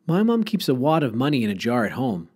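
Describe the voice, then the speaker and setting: A man's voice: mid-range voice, wildly swooping pitch, quick pace, mellow, husky. A man voicing a confident, pushy schoolboy who talks his friends into a scheme, in a storybook reading. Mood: scheming. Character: eager schoolboy pal, a bold schemer.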